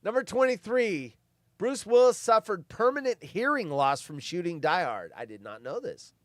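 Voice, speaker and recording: A man's voice: sits high, no room sound, studio quality. A man hosting a casual commentary, reading film trivia aloud and dropping offhand asides between the facts. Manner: reads facts, then adds offhand asides. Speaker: host reading movie trivia.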